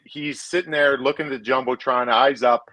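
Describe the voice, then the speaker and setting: A man's voice: medium pitch, steady tone, brisk, sharp tone, no echo, poor audio. Dry-sounding man telling hockey stories. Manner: rambling anecdotes with restarts and swearing. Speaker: former hockey player. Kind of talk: casual storytelling chat.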